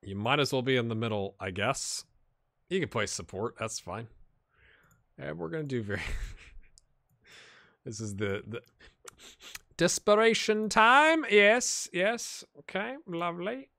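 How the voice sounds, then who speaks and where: An American man giving casual, lively commentary on a football management game and reacting loudly to the match. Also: mid-range voice, slow, creaky, long pauses, no echo, studio quality. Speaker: gaming YouTuber.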